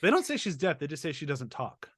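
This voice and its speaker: A man's voice: a little high, fast talker, slightly rough, no room sound, studio quality. A man hosting a casual movie review podcast, telling stories animatedly and acting out quotes. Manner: animated storyteller, acts out quotes with laughs. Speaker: podcast host.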